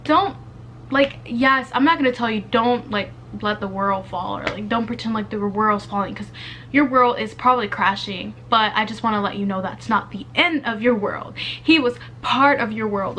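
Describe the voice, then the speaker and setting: A woman's voice: on the high side, normal speed, a bit bright, slight background noise. A young woman in college giving casual, earnest advice to her viewers, chatty with lots of fillers. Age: young adult. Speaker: vlogger. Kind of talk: casual heartfelt advice to camera.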